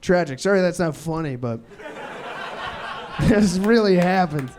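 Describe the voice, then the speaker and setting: A man telling a casual stand-up story, his voice high for a man. He laughs through his lines and keeps saying "dude". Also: lively intonation, takes it slowly, darkish tone, a little hiss or hum. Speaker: stand-up comedian.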